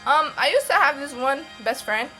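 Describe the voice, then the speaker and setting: A woman's voice: high voice, moderate pace, soft background music. Blunt, cursing young woman vlogger. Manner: blunt, swears heavily, slangy and animated. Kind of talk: casual storytime vlog.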